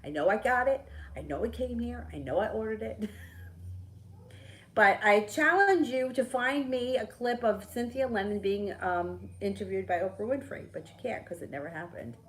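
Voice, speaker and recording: A middle-aged woman, a tarot reader chatting casually on a live stream, telling a story with lively, swearing asides. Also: medium pitch, normal speed, poor audio.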